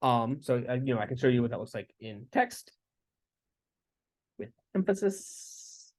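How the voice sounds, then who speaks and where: A man teaching a lecture with live coding, talking in a relaxed way with fillers and restarts. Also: mid-range voice, a little fast. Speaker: instructor.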